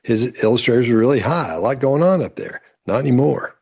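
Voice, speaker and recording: A man commenting on courtroom testimony, explaining calmly step by step. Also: medium pitch, fairly quick, slightly rough. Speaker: body-language commentator.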